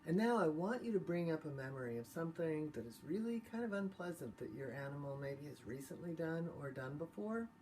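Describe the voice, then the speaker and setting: Woman calmly guiding a tapping exercise. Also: deep voice, brisk, few pauses, a little hiss or hum. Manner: calm step-by-step guidance. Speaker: tapping instructor.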